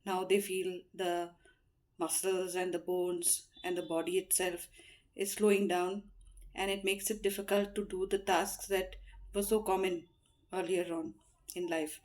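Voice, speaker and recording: A woman's voice: lowish voice, level tone, a little slow, a little mellow. A middle-aged woman giving heartfelt, earnest advice, speaking unhurriedly with frequent "you know" fillers. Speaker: motivational speaker.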